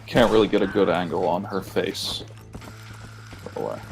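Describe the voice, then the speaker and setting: A man's voice: low-pitched, steady tone, moderate pace, faint music behind. A man from South Carolina chatting casually with friends while streaming a video game, rambling and swearing freely. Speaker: let's play streamer. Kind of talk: casual group commentary.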